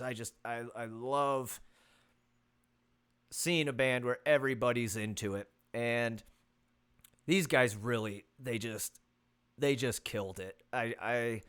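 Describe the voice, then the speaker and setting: A man's voice: mid-range voice, a little slow, a bit bright, smooth. Rambling man hosting a casual podcast. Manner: rambling, loose, with many fillers and swearing. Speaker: podcast host. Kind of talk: casual solo podcast monologue. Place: rural property. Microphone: phone.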